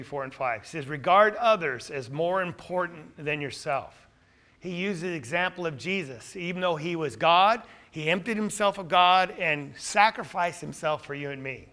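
A man's voice: high voice, bright, forceful tone. A man preaching a sermon who is losing his voice, talking earnestly and putting questions to his listeners before answering them himself.

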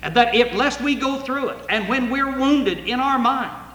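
An older man preaching a sermon with earnest emotion, at times rising to loud cries as he reads scripture. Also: very high voice, a little slow. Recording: echoey hall with long reverb.

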